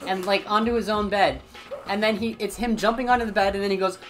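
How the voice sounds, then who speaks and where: A woman's voice: medium pitch, quick pace. A woman streaming a game with friends, chatting casually and telling stories with lots of giggling. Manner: giggly, animated storytelling. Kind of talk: casual let's-play chat. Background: game music.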